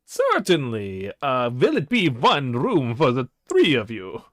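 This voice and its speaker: A creepy vampire-like innkeeper, as a man puts him on, drawling in a theatrical foreign-sounding accent. The voice swoops slowly up and down and sounds close and dry, with no room around it. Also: fairly high pitch, big pitch swings, gravelly, no room sound, exaggerated voice. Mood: courteous.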